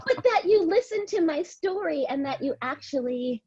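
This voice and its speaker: A woman's voice: very high-pitched, animated, normal speed, darkish tone, no echo. A woman guest on a podcast in a heartfelt, casual conversation, gushing with thanks, using lots of fillers and repeating herself. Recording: dull, dry lo-fi audio.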